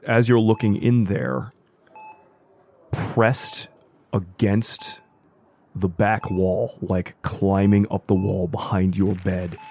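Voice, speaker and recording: A man acting as storyteller, narrating a tabletop horror game in slow, deliberate scene-setting. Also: sits low, fairly even intonation, darkish tone, a little hiss or hum.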